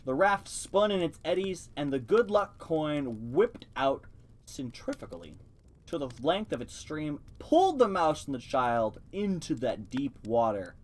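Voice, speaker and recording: Male streamer reading a kids' book aloud, lively swooping pitch, casual asides. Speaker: audiobook reader on a live stream. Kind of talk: reading a children's novel aloud.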